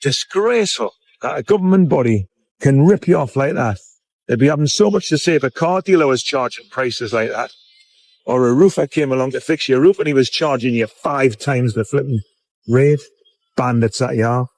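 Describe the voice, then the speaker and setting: A man's voice: mid-range voice, normal speed, a little mellow, dry recording. Blunt, indignant man. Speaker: vlogger. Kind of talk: casual rant to camera. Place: outdoors at a car charging point.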